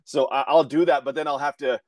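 A man who calls football games, chatting casually in a loud, excitable way with frequent restarts. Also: a little high, a little fast, dry recording. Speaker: play-by-play football broadcaster. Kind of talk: casual sports chat.

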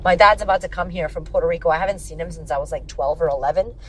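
A woman's voice: on the low side, fairly even intonation, rapid-fire, a bit bright, breathy edge. A woman hosting a podcast, talking casually in a blunt, emphatic way with frequent swearing. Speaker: podcast host. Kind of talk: casual motivational podcast monologue.

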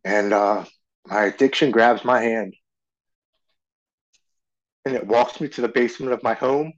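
Earnest man in his forties, lo-fi. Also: medium pitch. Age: 40s. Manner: earnest, halting storytelling with repeated restarts. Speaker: podcast guest. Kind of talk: personal recovery story.

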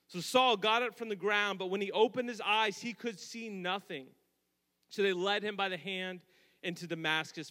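A man's voice: high-pitched, bright, forceful tone. A man preaching a sermon, retelling a scripture story with casual asides and dramatic emphasis. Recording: long hall reverb.

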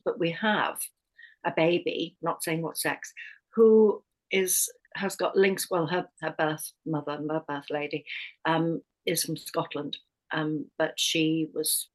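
A candid middle-aged woman speaks as a podcast guest, telling a personal story in a slightly low voice. She is a hypnotherapist and life coach, and she talks in an open, unscripted way, often stopping to restart or correct herself mid-sentence. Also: rough recording.

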